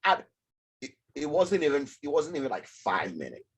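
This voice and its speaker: A man whose first language is French, telling a lively story as an interview guest and acting out the voices of the people in it. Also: fairly high pitch, normal speed, slightly rough. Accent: French-speaking African. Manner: animated, acts out voices in his story.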